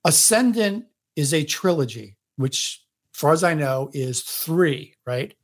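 A man's voice: fairly high pitch, lively intonation, a little slow. A man talking as a podcast guest in casual chat, telling long rambling stories and acting out what others said.

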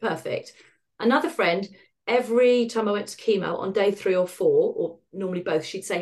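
A middle-aged woman, a podcast guest, speaking candidly in a wry, animated way and acting out the voices she quotes. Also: medium pitch, moderate pace. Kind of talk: candid conversational storytelling.

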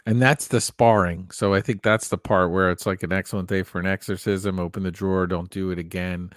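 A man's voice: low-pitched, fairly even intonation, a little fast, no room sound, studio quality. A man co-hosting a podcast, talking in a loose, rambling way with lots of fillers. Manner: chatty and rambling, with many fillers and laughs. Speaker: podcast co-host. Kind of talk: casual podcast chat.

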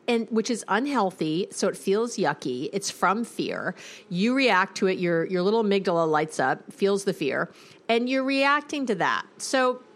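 A chatty woman therapist giving advice. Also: mid-range voice. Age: middle-aged or older. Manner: conversational, lists words slowly, quotes clients animatedly. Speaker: therapist podcast host. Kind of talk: casual advice podcast monologue.

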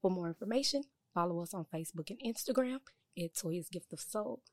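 A woman's voice: on the low side, lively intonation, a little fast, darkish tone, no room sound. A woman chef reading her own restaurant advertisement in a friendly promotional tone. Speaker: chef in a sponsor ad. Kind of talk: read advertisement.

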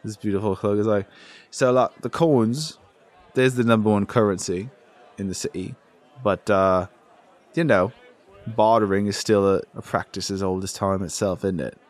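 A man voicing a suave, smoking feline humanoid man who talks in a smooth, lilting way. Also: fairly low pitch, moderate pace, lightly acted. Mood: sly.

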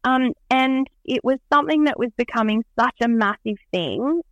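A woman's voice: fairly high pitch, moderate pace, a bit bright, no echo, lo-fi sound. A woman being interviewed as an event organiser, chatting in an upbeat, enthusiastic way with lots of "um"s. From Australia. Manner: bubbly, enthusiastic, many "um"s. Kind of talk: casual interview chat.

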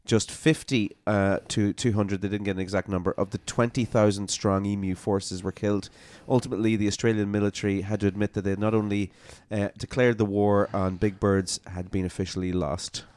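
A man's voice: fairly low pitch, flat delivery, a little fast, few pauses, darkish tone, no room sound. An Irish man co-hosting a podcast, telling a story with filler words and chuckles. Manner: tells stories with fillers and chuckles. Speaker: podcast co-host. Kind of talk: casual chat.

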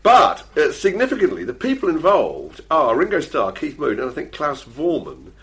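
A man's voice: fairly high pitch, huge pitch swings, moderate pace, a bit bright. A middle-aged man, chatting casually as a podcast co-host, self-deprecating and full of fillers and restarts. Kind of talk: casual chat.

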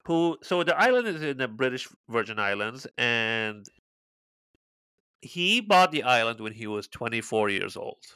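A man's voice: mid-range voice, very animated, measured pace, sharp tone, clean tone, no echo. A man co-hosting a podcast, chatting casually, sarcastic and exclaiming with frequent swearing. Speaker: podcast co-host. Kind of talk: casual chat.

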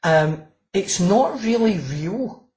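A woman's voice: mid-range voice, expressive, slow pace, a little mellow, rough recording. A woman, a crime author and former police officer, chatting in an interview, often restarting sentences and laughing as she tells stories. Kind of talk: casual interview chat.

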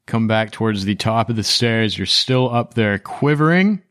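A man's voice: on the low side, expressive, moderate pace, fairly bright tone, clean tone, no room sound, clean studio sound. A man narrating and running a tabletop role-playing game in a laid-back, jokey way, often breaking into laughter. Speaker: game master.

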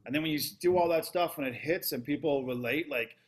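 A man's voice: fairly high pitch, a little fast. A man hosting a casual chat, speaking enthusiastically and affirming his guest. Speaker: podcast host.

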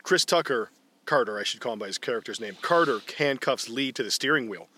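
A man in casual movie commentary chat, retelling scenes in a profane, animated way. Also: mid-range voice, a little fast, a little hiss or hum. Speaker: podcast co-host.

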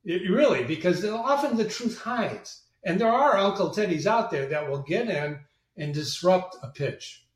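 Animated high-voiced male storyteller. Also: unhurried. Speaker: guest, marketing agency president. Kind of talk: storytelling interview talk. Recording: roomy, distant from the mic.

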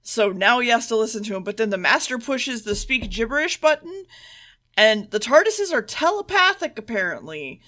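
Bright-voiced woman recapping casually. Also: on the high side, very animated. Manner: loose, swearing, mimics characters in quick asides. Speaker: podcast co-host.

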